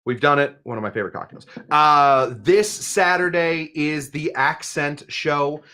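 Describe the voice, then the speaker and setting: A live cocktail show host with a slightly high, sharp-toned voice talks in an unhurried way. He rambles from topic to topic, keeps things jokey and casual, and reads out comments from the chat.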